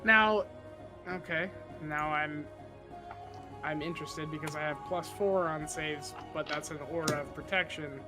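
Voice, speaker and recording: A man from Canada playing a tabletop game, friendly and a bit halting. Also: fairly high pitch, music in the background. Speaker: player. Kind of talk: casual tabletop play.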